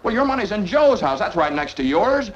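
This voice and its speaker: A man's voice: sits high, sing-song, fairly quick. A man in an old film, stammering and earnestly pleading as he explains. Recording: dull old film soundtrack with hiss.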